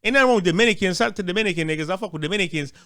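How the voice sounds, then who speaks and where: A man rants in a high, fired-up voice, swearing freely and tripping over repeated words as he restarts his thoughts. The sound is dry and close, with no room around it. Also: very fast, a bit bright, no echo. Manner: repetitive stammering restarts, heated. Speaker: commentator. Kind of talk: profane ranting commentary.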